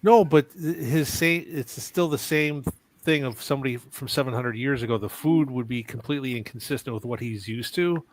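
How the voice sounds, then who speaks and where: A man chatting on a stream, explaining his point in a measured, step-by-step way. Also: mid-range voice. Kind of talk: casual group chat.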